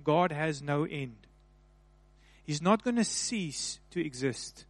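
A male pastor preaching a sermon, repeating and slowly stressing key phrases with rising emphasis. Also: a little high, expressive, no room sound.

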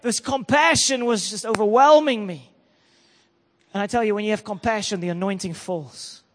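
A man preaching a sermon, telling an emotional story and building to loud declarations. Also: high-pitched, big-room sound.

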